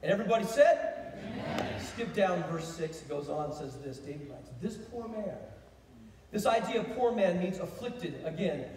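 A male pastor preaching an animated sermon, repeating phrases and calling for responses from the congregation. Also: on the high side, normal speed, slight background noise. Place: church sanctuary. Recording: echoey hall recorded from far off.

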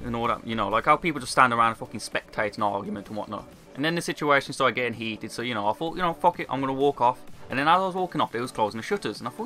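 A young British man telling a story in a casual, sweary, animated way. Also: mid-range voice. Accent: British English. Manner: brisk, animated, sweary retelling. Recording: faint background music.

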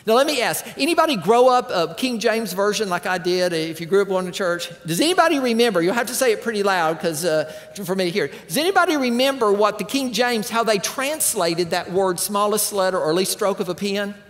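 Male pastor, sermon, lively swooping delivery, big echoing sanctuary. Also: high-pitched, a little fast, hardly any pauses. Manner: animated, conversational preaching with asides to the congregation. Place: church sanctuary. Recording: church hall reverb.

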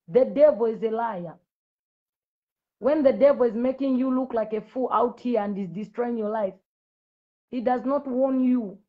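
A woman's voice: a little high, phone-quality sound. Zambian woman preacher, combative and preachy, talking to a live chat audience. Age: adult with school-age children. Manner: confrontational, preachy, repetitive challenges. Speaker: Christian preacher on a live video. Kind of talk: livestream address to viewers.

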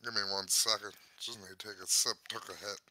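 Bright-toned joking podcast co-host man. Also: on the low side, steady tone, fairly quick, rough recording. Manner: joking, crude, blunt. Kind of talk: casual podcast chat.

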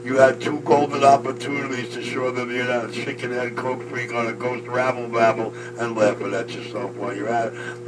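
A man ranting back at a rival, boastful and insulting, with loud outbursts. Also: medium pitch, steady tone, normal speed, very noisy. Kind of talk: ranting street argument. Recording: distant from mic over loud music.

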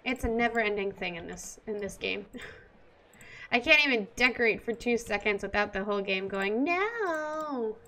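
A woman's voice: medium pitch, moderate pace, sharp tone. A woman giving casual let's-play commentary while building a city, chatty and exasperated, talking to herself and to the game. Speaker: gamer.

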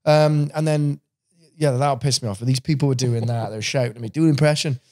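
A man tells anecdotes in a relaxed podcast chat. He jumps into other people's voices as he goes and swears casually. His pitch sits in the middle. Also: fairly quick. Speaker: podcast guest, voice actor.

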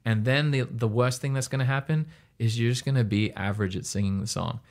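A man's voice: steady tone, fairly quick, darkish tone. A young man from Australia giving a casual music lesson, rambling and chatty, laughing often. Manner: rambling, chatty, laughs often, mimics reactions in a high squeal. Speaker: music coach.

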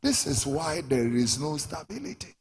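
A man with a Ghanaian accent preaching a sermon in church, now and then shouting for emphasis. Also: fairly high pitch, very animated, moderate pace, breathy edge.

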